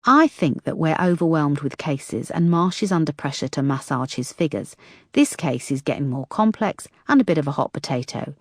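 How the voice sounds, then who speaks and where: A woman's voice: low voice, lively intonation, normal speed, no echo, studio quality. A woman narrator voicing a blunt, wisecracking female detective who talks frankly and teases her boss. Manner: frank, teasing.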